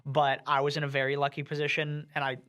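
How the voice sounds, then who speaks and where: A man's voice: fairly high pitch, completely flat delivery, fast, sharp tone. A man in his twenties from Vermont, chatting casually in an interview and rambling with lots of "like" fillers. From Vermont, US East Coast. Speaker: student outreach producer.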